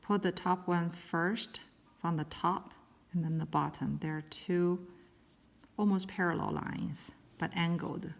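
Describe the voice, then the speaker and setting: A woman teaches handwriting, talking slowly and carefully as she writes each stroke. Her voice sits a little low and stays calm and even. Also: gravelly. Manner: calm, slow, careful explanation while writing. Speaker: Chinese writing teacher. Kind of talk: step-by-step handwriting lesson.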